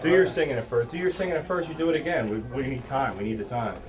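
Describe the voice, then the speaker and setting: Calm man repeating instructions. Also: mid-range voice, fast talker, crowd noise. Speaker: show organizer. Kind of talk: backstage planning talk.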